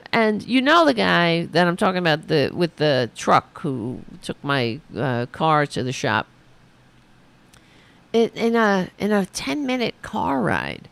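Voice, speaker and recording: Sarcastic, gravelly New woman host. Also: lowish voice. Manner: sarcastic, profane, mocking. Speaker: podcast host. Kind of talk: sarcastic political commentary.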